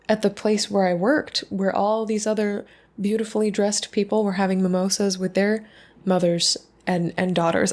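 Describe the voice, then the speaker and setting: A young adult woman answers a listener's letter on her grief advice podcast. She talks in a gentle, reflective way, often restarting phrases and slowing down to stress a point. Her voice sits in the middle of the usual range. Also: mid-range voice. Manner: gentle, reflective, with frequent restarts and slow emphatic stretches. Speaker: grief coach and podcast host.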